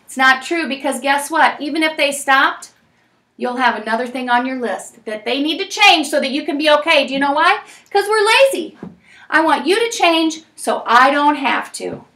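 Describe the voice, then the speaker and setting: A woman in her forties leading a parenting class, telling stories in a lively, chatty way with plenty of fillers. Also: high voice, normal speed, far from the mic.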